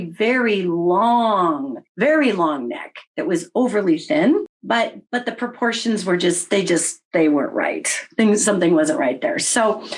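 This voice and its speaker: Woman telling a story, animated and wry. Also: a little high. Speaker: interview guest recounting experiences. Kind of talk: casual storytelling in an interview.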